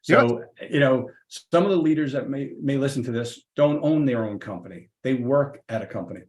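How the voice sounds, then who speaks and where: A middle-aged man, a podcast guest, telling a workplace story in a lively, casual way and acting out the people in it. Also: medium pitch, moderate pace. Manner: lively, acts out the people in his stories. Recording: roomy echoey room.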